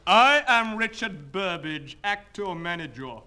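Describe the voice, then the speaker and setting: An actor playing a solemn, declamatory theatre manager in a 1970s radio comedy sketch. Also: male voice, sits high, lively intonation, a little slow, sharp tone, clean tone, full character voice. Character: grave theatre manager, man.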